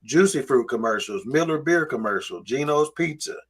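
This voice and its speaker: A man's voice: medium pitch, normal speed, slightly rough. A man co-hosting a casual review podcast, telling stories and acting out quotes. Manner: animated storyteller, acts out quotes. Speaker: podcast co-host. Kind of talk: casual chat.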